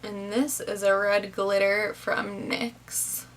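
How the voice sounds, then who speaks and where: A woman's voice: mid-range voice, flat delivery, slow pace, a bit bright, slight background noise. A young woman casually narrating a makeup tutorial step by step, chatty with lots of "kinda, like".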